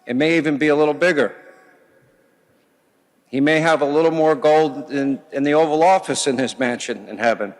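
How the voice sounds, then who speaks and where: A man giving a formal, earnest, flattering funeral speech. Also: on the high side, normal speed, long pauses. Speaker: funeral speaker. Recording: long reverb of a big hall.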